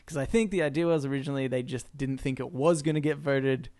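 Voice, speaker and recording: A man's voice: medium pitch, fast, a little mellow. A man co-hosting a podcast in casual, rambling, jokey chat. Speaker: podcast co-host.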